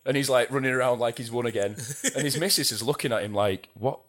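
Man, middle-aged, mid-pitched voice, lively anecdotes, casual swearing. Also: fast talker. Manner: animated storyteller, swears casually, laughs mid-sentence. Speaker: guest, metal drummer. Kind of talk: casual interview storytelling.

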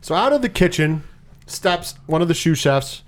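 A man's voice: fairly high pitch, lively intonation, moderate pace. A man casually retelling a film's plot on a podcast, rambling, swearing freely and acting out the characters' lines. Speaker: podcast co-host. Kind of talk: casual movie recap chat.

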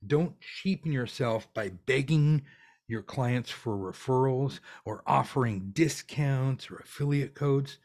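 A man's voice: medium pitch, slow, a little mellow. A man teaching tarot readers how to earn money, talking in a blunt, ranty, profane way. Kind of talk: ranty casual coaching monologue.

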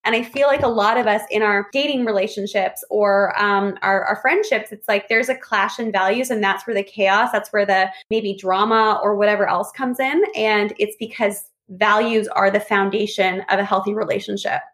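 A woman in casual conversation, telling lively stories and acting out what people said. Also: medium pitch, normal speed, hardly any pauses. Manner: animated storyteller, acts out quotes. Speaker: podcast guest. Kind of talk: casual chat.

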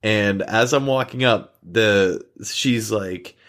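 A man's voice: on the low side, takes it slowly, a bit bright. A young man, a podcast co-host, telling long workplace stories in casual chat, full of fillers and little acted quotes. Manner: rambling anecdotes with acted quotes, frequent fillers.

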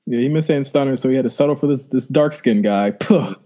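A man's voice: medium pitch, a little fast, hardly any pauses, mellow. A man co-hosting a podcast in casual live-watch chat, wisecracking and laughing often. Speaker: podcast co-host.

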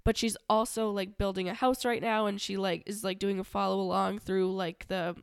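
A woman co-hosting a podcast in casual chat, rambling with lots of "um" and "like", her voice a bit husky. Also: mid-range voice, little pitch movement, moderate pace, dry recording, clean studio sound. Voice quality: slightly husky. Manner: rambling, many fillers, takes notes while talking. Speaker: podcast co-host.

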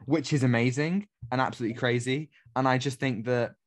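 A man's voice: mid-range voice, steady tone, fairly quick. A man co-hosting a podcast, talking casually and with effusive enthusiasm. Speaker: podcast co-host.

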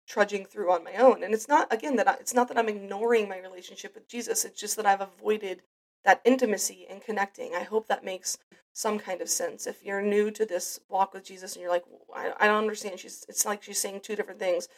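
A woman talks through her faith on her own podcast, earnest and reflective. Her voice sits at a middle pitch, and she often restarts her sentences as she thinks aloud. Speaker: podcast host. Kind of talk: personal faith podcast monologue.

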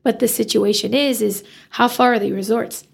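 Woman, hairstylist guest, gravelly edge, fairly high voice, lively storyteller. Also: normal speed. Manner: animated, acts out quoted dialogue. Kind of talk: casual storytelling interview.

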